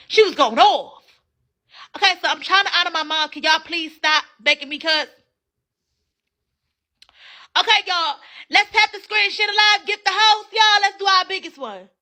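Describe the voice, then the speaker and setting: High bright brash livestream host woman. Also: normal speed. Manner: brash, hypes viewers for gifts, frequent cussing. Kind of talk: casual livestream chat. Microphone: phone.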